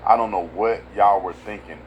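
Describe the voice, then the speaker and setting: A man hosting a casual political commentary video, talking in an emphatic, slangy way and swinging from loud outbursts to low asides. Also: fairly even intonation, normal speed, highs cut off, slight background noise.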